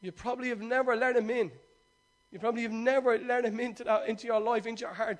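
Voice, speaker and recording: A male pastor preaching and praying fervently, repeating phrases and swinging from hushed prayer to loud exhortation. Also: extremely high pitch, steady tone, quick pace. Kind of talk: sermon with prayer.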